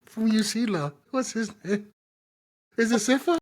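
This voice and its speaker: Husky, animated man co-hosting a podcast. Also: high-pitched, unhurried. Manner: animated, profane, slangy storytelling. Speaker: podcast co-host. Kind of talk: casual podcast chat.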